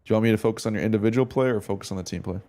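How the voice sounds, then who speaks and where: A low, mellow voice races through this live-stream demo review. The man chats casually with his viewers about a match replay, thinking aloud with slang and swear words.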